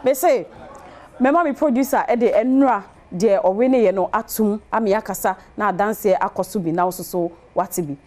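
A woman's voice: medium pitch, fairly quick, darkish tone, a faint crowd. A woman hosting a TV chat show, talking in a sing-song way and repeating words in rhythmic runs. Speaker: talk show host. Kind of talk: lively TV chat show hosting with on-air promos.

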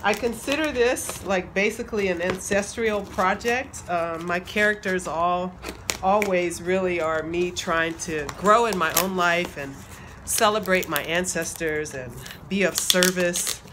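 Excited woman w/ talking to y'all, lowish voice, noisy behind her. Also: measured pace. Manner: excited, laughing, addresses viewers as y'all. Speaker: playwright unboxing a project deck. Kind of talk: casual vlog talk. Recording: background noise.

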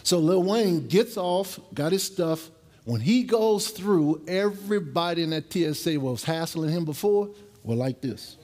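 A middle-aged man preaches a sermon to his congregation in a voice a touch higher than most men's. He talks like he is telling friends a story, tossing in jokes, then drags out key phrases slowly for weight. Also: animated, darkish tone. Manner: slow, emphatic drawn-out phrases. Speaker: pastor. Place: church service with congregation.

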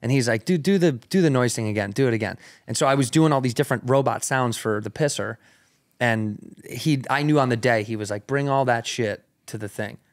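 A comedian guesting on a podcast spins a long story into a studio mic, his medium-pitched voice moving fairly quickly. He's loose and slangy, swearing freely and sprinkling in "like" and "rad."

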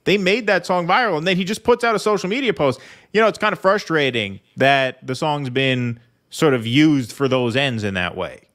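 A man's voice: a little high, lively intonation, normal speed, fairly bright tone. A man co-hosting a political commentary show, agreeable and chuckling, filling his talk with "right" and "you know.". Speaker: podcast co-host.

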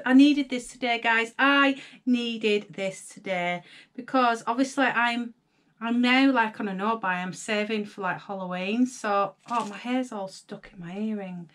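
Brief: young Northern English woman vlogger, gushing and excitable, a touch higher in pitch. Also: a little slow. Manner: gushing, excitable, gasps and chatters to viewers. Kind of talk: casual unboxing chat.

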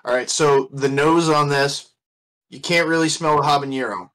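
A man co-hosting a casual beer podcast, laid-back, swearing freely and pausing with fillers. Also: on the high side, fairly even intonation, fairly bright tone. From Ohio. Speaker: podcast co-host. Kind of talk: casual beer review chat.

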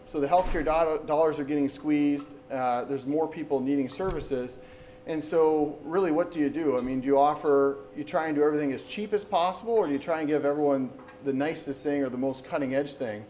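A man in his thirties from Wisconsin, an orthopedic surgeon giving a relaxed public talk to an audience, speaking conversationally with lots of restarts. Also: fairly high pitch, fairly quick, slight background noise, low-quality recording. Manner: conversational, with frequent restarts and "so basically". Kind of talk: informal public lecture. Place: meeting room with an audience. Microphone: camera recording in the room.

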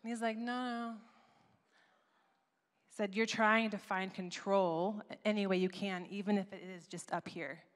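A woman giving a sermon at a conference, telling a story with lively, acted-out asides. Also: mid-range voice, measured pace. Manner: animated storytelling, acts out her own past voice. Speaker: conference speaker. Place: church auditorium. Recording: long reverb of a large hall.

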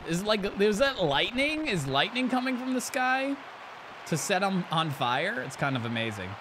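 A young man giving loud, excited commentary while playing a hockey video game, trash-talking and cheering. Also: sits high, normal speed, background noise. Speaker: gaming channel host.

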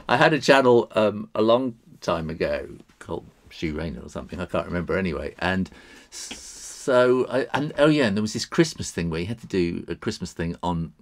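Chatty man with a lively, swooping voice. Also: sits low, moderate pace. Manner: rambling and chatty, chuckles often, many fillers. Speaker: illustrator hosting a live drawing stream. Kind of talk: live drawing demo, chatting with viewers.

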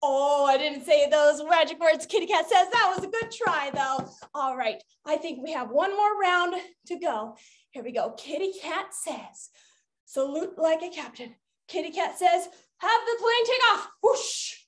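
A woman's voice: extremely high pitch, animated, unhurried. A woman voicing a playful, cheery female cat who hosts a children's game, bouncy and sing-song with delighted gasps. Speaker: children's entertainer. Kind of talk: kids' game and storytime performance.

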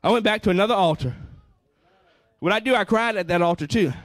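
A man's voice: high-pitched, a little fast, no room sound, studio quality. A male pastor preaching a fervent sermon, repeating phrases and calling out to the congregation.

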